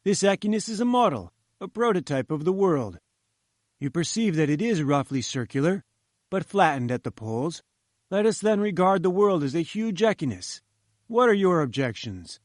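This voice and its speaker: A man's voice: sits high, very animated, moderate pace, dry recording, studio quality, voice pushed up. A man doing a pompous, lecturing old professor. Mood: patronizing. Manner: condescending, lecturing. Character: pompous, patronizing older male professor. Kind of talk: audiobook reading.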